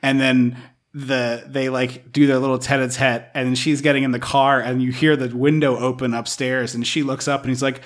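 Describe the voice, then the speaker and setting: A man's voice: medium pitch, level tone, normal speed. A man co-hosting a podcast, chatting casually about movies in a rambling way, often acting out little scenes. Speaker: podcast co-host.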